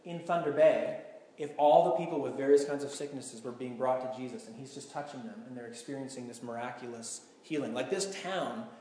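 A man's voice: mid-range voice, a little fast, a little hiss or hum. A man, a pastor giving a conversational, emphatic sermon in a large hall. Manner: conversational, emphatic, animated storytelling. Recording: echoey hall sound.

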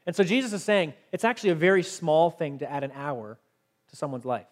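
A man's voice: on the high side, fast talker. Earnest man preaching a sermon. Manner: earnest, conversational, reads scripture aloud. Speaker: pastor.

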